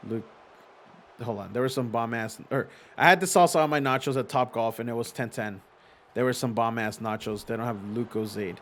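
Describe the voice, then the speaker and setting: A man hosts a casual livestream from home in front of a green screen. His voice sits at a middling pitch, and he talks in an easygoing, animated way. He reads viewer messages aloud, swears freely and laughs often. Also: brisk. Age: adult with young children. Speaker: streamer hosting a simulated wrestling league.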